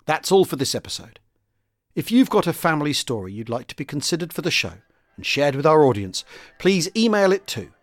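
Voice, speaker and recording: A man hosting a podcast, reading a listener's story and sign-off in a lively, expressive way. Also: on the high side, brisk, dry recording, faint music behind. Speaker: podcast host.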